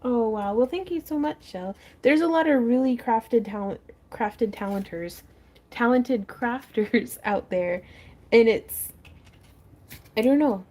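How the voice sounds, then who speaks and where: A woman's voice: a little high, slow pace, darkish tone. A woman hosting a craft livestream from her front porch, chatting casually as she works, reading viewer comments aloud and laughing often into a close mic. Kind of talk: casual chat while crafting.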